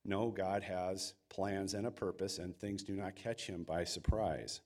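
A man's voice: deep voice, steady tone, measured pace, darkish tone. A man preaching a sermon in an earnest, emphatic way, sometimes acting out quoted voices. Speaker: pastor.

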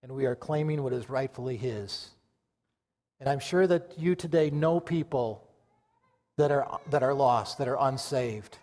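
A male pastor preaching a sermon with fervor, rising loud and then dropping to a hush. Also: mid-range voice, measured pace. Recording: long reverb of a large church hall.

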